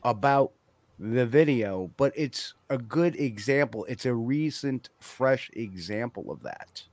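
A man hosting an online panel discussion, explaining things in a measured way. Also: medium pitch, expressive, darkish tone, dry recording.

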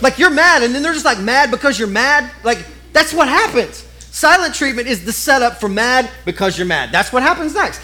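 A middle-aged man preaching a sermon in a lively, conversational way, often turning to the congregation with quick asides. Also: very high voice. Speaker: pastor.

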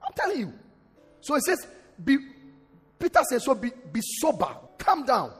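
A man's voice: extremely high pitch, wildly swooping pitch, moderate pace, a bit bright, slightly rough. A man preaching a sermon in church. He quotes scripture and calls on the congregation to respond. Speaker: pastor. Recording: long hall reverb, faint music.

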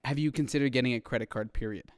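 A man's voice: mid-range voice, very fast, no echo, studio quality. A young man hosting an interview podcast, asking questions in a playful, teasing way. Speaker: podcast host. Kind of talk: casual interview chat.

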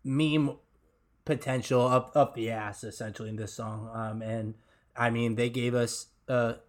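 A man's voice: medium pitch, steady tone, unhurried. A man co-hosting a podcast, chatting casually about song lyrics with lots of laughter, ums and restarts. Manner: enthusiastic, laughs often, many ums and restarts. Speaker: podcast co-host.

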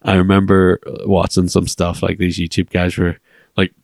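A man's low voice carries a completely flat delivery at moderate speed as he co-hosts a podcast. The chat is casual and rambling, packed with fillers and restarts, and the studio recording has no echo.

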